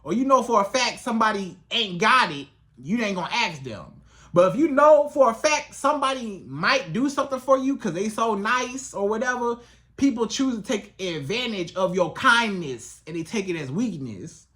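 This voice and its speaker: A relationship coach talking to camera in a lively, colloquial way, often acting out both sides of a conversation. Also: medium pitch, moderate pace. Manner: animated, colloquial, acts out dialogues. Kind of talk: advice vlog monologue.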